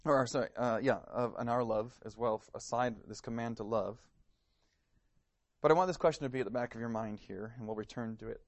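A man's voice: medium pitch, a little fast, dry recording. Male preacher, earnest sermon delivery, probing questions, dry sound. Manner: earnest, searching questions, some stammered repeats.

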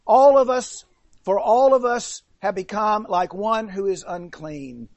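A man's voice: high-pitched, a little slow, darkish tone, no echo. A male preacher delivering a sermon in an earnest way, often repeating words as he restarts.

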